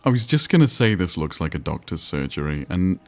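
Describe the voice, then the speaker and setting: A man's voice: sits low, big pitch swings, fairly quick, faint music behind. A man streaming a game, chatting and rambling while reading chat aloud. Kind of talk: casual live-stream commentary.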